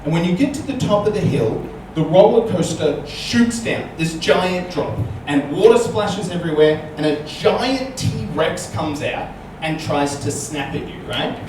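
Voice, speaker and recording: A male comedian telling a stand-up story and chatting on stage, animated and tagging lines with "right?". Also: high-pitched, measured pace, few pauses. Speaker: comedian guest. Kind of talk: live stand-up storytelling and chat. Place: small comedy venue with audience. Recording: echoey live room, distant mic, noisy.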